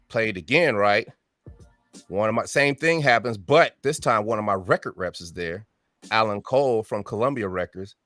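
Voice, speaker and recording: A man in his fifties with a lowish voice tells his story as an interview guest. He acts out the voices of the people he quotes and keeps tagging his sentences with "right?". The sound is close and dry, with no room echo. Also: moderate pace, bright, forceful tone. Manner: frequent tag question "right?". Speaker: music artist guest.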